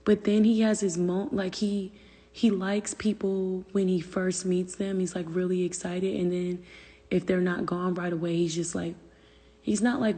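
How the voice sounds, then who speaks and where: This woman's lowish voice is warm with a breathy edge, and the room sounds big. She's livestreaming on her phone from the family room, reading comments in loose, profane, rambling chat that sometimes sinks to a whisper.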